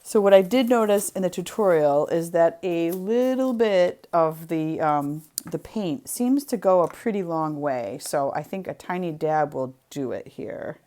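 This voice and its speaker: A woman's voice: lowish voice, expressive, a little slow, hardly any pauses, mellow. A young woman hosting a craft show, chatty and giggly as she demonstrates a printing project. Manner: giggly, chatty, self-deprecating.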